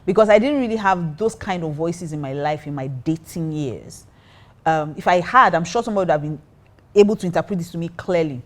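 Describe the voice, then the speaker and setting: A woman's voice: on the low side, animated, brisk. A woman pastor telling a personal story in casual talk, acting out her own reactions. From Nigeria. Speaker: pastor and co-host.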